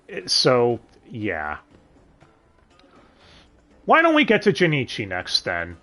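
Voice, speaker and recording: A man gives casual commentary on a dub, sarcastic and quick to swear. His voice sits a little high and swings widely in pitch. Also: sing-song, a bit bright, soft background music. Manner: sarcastic, swears often, sighs and asks the audience. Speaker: reviewer.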